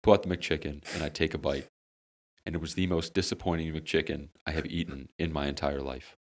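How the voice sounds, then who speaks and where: With an extremely low pitch and a fairly quick delivery, a young adult co-host tells a comic story on a friends' podcast. He's animated and dramatic, and the swearing comes often.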